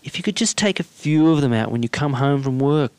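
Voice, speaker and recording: A woman's voice: a bass voice, expressive, a little fast, darkish tone, clear, resonant tone, dry recording. A man voicing a simple, doting middle-aged housewife with a pleading, uncertain manner.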